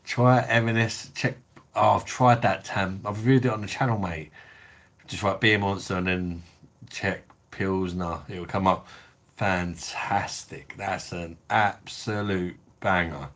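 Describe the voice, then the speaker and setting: Low-voiced tipsy guy on a live stream, sweary, reading out comments. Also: steady tone, unhurried, fairly bright tone. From England. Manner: blokey, sweary, reads out viewer comments. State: tipsy from drinking. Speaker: beer review channel host. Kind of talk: casual live stream chat.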